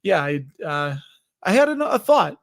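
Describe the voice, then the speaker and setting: Chatty high-voiced man hosting a live stream. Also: big pitch swings, normal speed, vocal fry. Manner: chatty, laughs often, greets viewers by name. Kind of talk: casual live stream chat.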